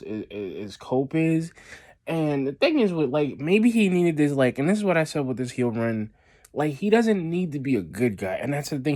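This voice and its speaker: A man's voice: medium pitch, a little mellow. A man hosting his own wrestling review show, talking casually and rambling with lots of fillers and restarts. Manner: rambling, repeats himself, many fillers and restarts. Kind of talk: casual solo review vlog.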